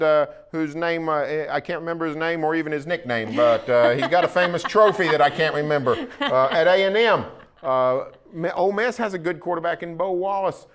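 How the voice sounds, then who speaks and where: A man with an Oklahoma accent co-hosting a casual sports talk show, folksy and opinionated, with plenty of pauses. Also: on the high side, a bit bright, smooth. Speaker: sports columnist co-host.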